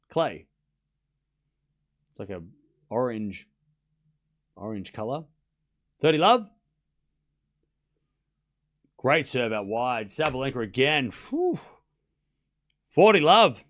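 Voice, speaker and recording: A man's voice: medium pitch, big pitch swings, slow, pauses often, a bit bright. A young man hosting a live tennis watchalong stream, mixing play-by-play with chatty joking asides. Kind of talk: live streamed match commentary.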